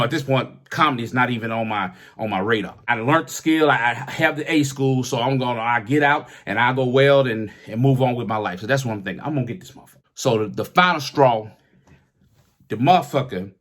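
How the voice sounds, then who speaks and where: A middle-aged man, a comedian, telling a personal story in a profane, animated way, often restarting his sentences. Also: medium pitch. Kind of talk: casual storytelling.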